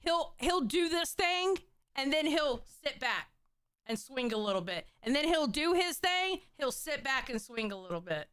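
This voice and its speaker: A woman's voice: high-pitched, very animated, normal speed, fairly bright tone, no echo, studio quality. A woman hosting a casual commentary, reacting bluntly and with lots of swearing to stream clips. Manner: blunt, profane, exclamatory.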